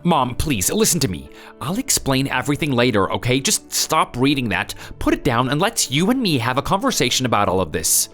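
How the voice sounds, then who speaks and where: A man's voice: mid-range voice, very animated, fairly bright tone, faint music behind. A man playing a flustered, evasive husband. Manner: hurried, pleading. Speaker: son, husband.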